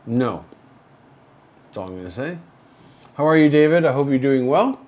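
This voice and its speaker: A man from Canada hosting a casual livestream from a hospital room, rambling slowly with many fillers, drowsy and slurring from painkillers. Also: mid-range voice, very animated, darkish tone. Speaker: livestream host. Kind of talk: casual livestream chat reading viewer comments.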